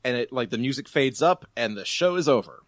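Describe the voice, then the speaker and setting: A man's voice: medium pitch, expressive, fairly quick, no echo, clean studio sound. A man joining a casual podcast chat as the guest, playful with jokey asides.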